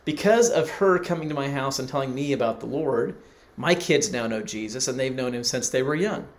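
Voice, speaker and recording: A man's voice: medium pitch, animated, brisk. A middle-aged man preaching, telling a personal story and acting out the people he quotes. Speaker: pastor. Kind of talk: sermon.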